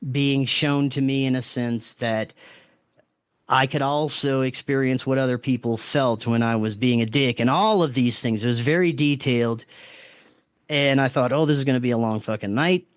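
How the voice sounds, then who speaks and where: A man with a medium-pitched voice speaks at a normal speed, with no room sound. He's a guest on a podcast, earnestly recounting a strange experience in a casual interview, restarting sentences and quoting what he told himself.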